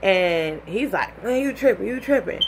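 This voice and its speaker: A young woman telling a personal story in a casual, animated way, full of "like" and acted-out quotes. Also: mid-range voice, moderate pace, noisy background.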